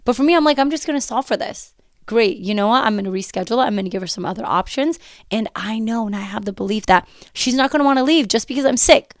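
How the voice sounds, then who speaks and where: Energetic woman podcast coach, dry close mic. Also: on the high side, quick pace, dry recording. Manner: energetic, emphatic, talks with repetition and quoted self-talk. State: voice slightly worn from recent illness. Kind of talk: casual motivational podcast talk.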